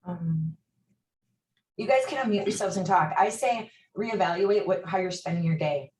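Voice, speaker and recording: A woman's voice: on the low side, normal speed, darkish tone. A woman hosting a group video call, giving brief, direct advice from a bit away from the mic. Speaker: host. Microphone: video call, set back from the mic. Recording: roomy echo, distant.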